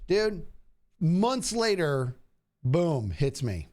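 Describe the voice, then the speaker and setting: A man in his forties telling stories in a relaxed casual chat, using "dude" and "bro" a lot. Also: a little high, slow. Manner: animated storyteller, says "dude" a lot. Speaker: streamer.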